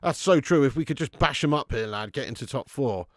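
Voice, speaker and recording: A man's voice: mid-range voice, expressive, brisk, no echo, clean studio sound. A man doing a live football watch-along, chatty and sweary, reading out viewer messages on a webcam mic.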